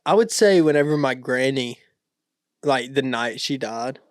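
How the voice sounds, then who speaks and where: A young man tells stories in a relaxed, rambling way, full of "like" and "um". His voice is smooth and resonant at a middle pitch. The sound is dry and close to the mic. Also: measured pace, no echo. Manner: relaxed, rambling storyteller with many fillers. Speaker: podcast co-host. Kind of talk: casual chat.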